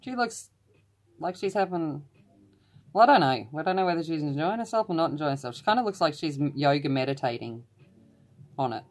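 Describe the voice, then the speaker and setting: A woman's voice: low-pitched, animated, brisk, long pauses, darkish tone. A woman chatting in a rambling way while she colours along in a vlog. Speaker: colouring channel host.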